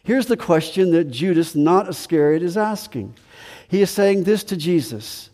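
Male pastor, sermon, raised mellow voice, long hall reverb. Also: sits high, animated, normal speed. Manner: preaching, repeats key phrases, asks rhetorical questions.

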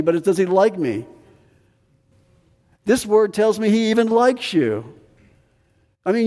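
A man preaching a sermon with earnest emphasis, slowing down on key phrases and rising in pitch when stressing a point. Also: a little mellow. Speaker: pastor. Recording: long hall reverb.

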